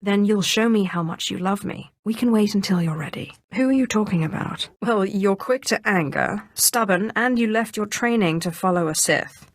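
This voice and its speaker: A woman's voice: medium pitch, normal speed, few pauses, dry recording, studio quality, natural voice. An actress voicing a proud, commanding female Sith sorcerer in a video game, assured and imperious. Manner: assured, imperious, with softer intimate asides. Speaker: game player character.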